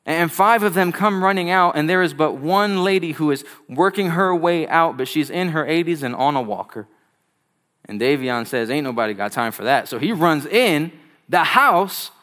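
Emphatic male preacher with dynamic delivery. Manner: emphatic preaching, swinging from loud peaks to hushed low lines; storytelling with quick asides. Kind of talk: sermon.

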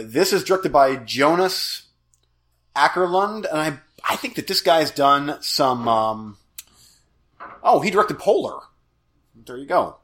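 A man's voice: mid-range voice, a bit bright. A man co-hosting a casual movie-review podcast over a video call, laid-back and chatty, laughing often. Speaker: podcast co-host.

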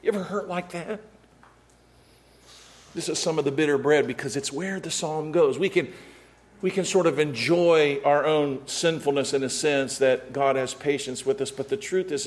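A middle-aged man preaching a sermon, acting out quotes and swinging from loud calls to hushed, quiet passages. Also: a little high, normal speed. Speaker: pastor.

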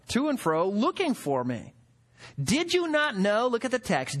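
A man preaching a sermon as a pastor, animated, stepping into quoted voices as he explains a Bible passage. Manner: animated, acts out quoted voices with rising pitch.

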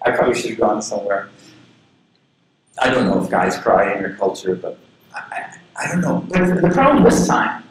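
Male pastor, earnest storyteller, pitch leaps around a lot; heavy echo of a big room, faint noise underneath. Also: a little fast. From southern Florida. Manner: earnest, personal storytelling with lively pitch swings. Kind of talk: sermon.

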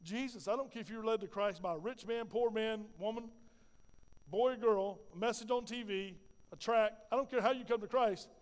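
A high-pitched male pastor preaches in a sanctuary with a long, ringing reverb. He keeps it folksy and conversational, tossing questions at the congregation and answering them himself. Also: normal speed. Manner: lively preaching with call-and-response questions. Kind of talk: sermon.

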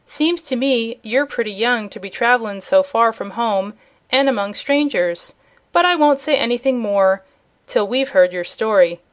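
A woman's voice: a little high, normal speed, lightly acted. A woman voicing a jolly, kindly old male sailor who talks in a rustic dialect with dropped letters, read as an audiobook character.

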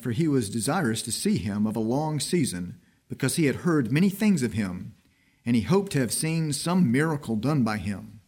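A man with a husky voice reading scripture aloud in church, slow and emphatic. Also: medium pitch. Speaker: scripture reader.

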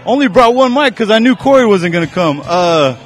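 A man's voice: high-pitched, lively intonation, moderate pace, soft background music. A man podcasting at an outdoor beer festival, chatting loosely and cursing, a little out of breath. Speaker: podcast host. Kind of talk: casual chat at a beer festival. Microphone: handheld mic.

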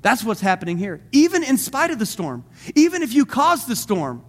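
Male pastor, high voice, emphatic Sunday sermon delivery. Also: wildly swooping pitch, normal speed, a bit bright. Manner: preaching with rising emphatic calls and questions to the congregation.

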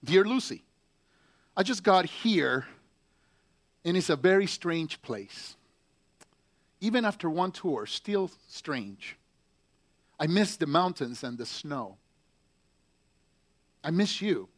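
Man reading a bitter, grieving young Marine in a letter home, pained and halting, voice on the high side. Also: sing-song, heavily acted. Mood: tender. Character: angry, heartbroken young male Marine writing home. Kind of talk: letter read aloud in a sermon.

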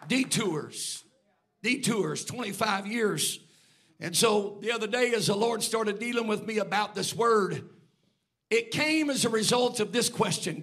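A man preaching a sermon as pastor, swinging from hushed storytelling to shouted peaks. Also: high voice, unhurried, husky.

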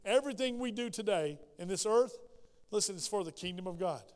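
High-voiced man preaching in a church. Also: brisk, clear, resonant tone, long reverb tail. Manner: animated preaching, acts out voices in quoted prayers. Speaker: pastor. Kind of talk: sermon. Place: church sanctuary.

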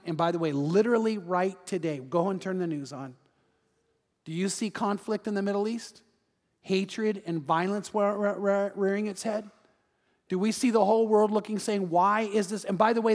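A pastor giving a lively sermon with frequent asides and repeated words. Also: male voice, sits high, long reverb tail.

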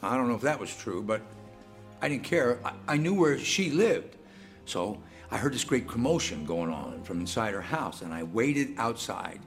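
A man's voice: medium pitch, big pitch swings, moderate pace. An actor playing a blind man who tells, in a chatty and self-mocking way, how he set out to find a healer. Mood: eager. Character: blind man seeking healing, hopeful and chatty. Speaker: actor in a played video. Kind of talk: dramatic monologue. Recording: video with faint music underneath.

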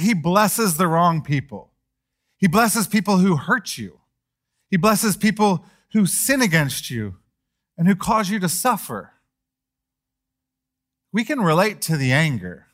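Animated male pastor preaching a sermon. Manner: animated, acts out biblical voices with rising pitch and volume.

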